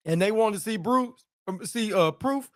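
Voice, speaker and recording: High-voiced man hosting casual stream chat. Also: normal speed, a bit bright. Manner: loose, laughing, slangy banter with viewers. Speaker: live-stream host.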